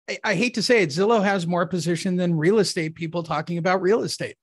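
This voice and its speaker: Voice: medium pitch, fast, few pauses, dry recording, clean studio sound. A host leading a casual interview, talking in an enthusiastic, promotional way.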